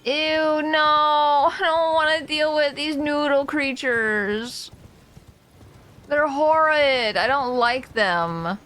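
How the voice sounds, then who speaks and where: A woman streaming a game, chatting casually, humming to herself and yelling at enemies. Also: high-pitched, extremely slow. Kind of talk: casual gameplay commentary.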